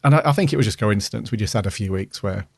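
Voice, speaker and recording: A man's voice: on the low side, rapid-fire, creaky, slightly rough, no room sound, studio quality. A middle-aged man co-hosting a podcast, rambling casually with lots of fillers and restarts. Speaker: podcast co-host. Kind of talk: casual chat.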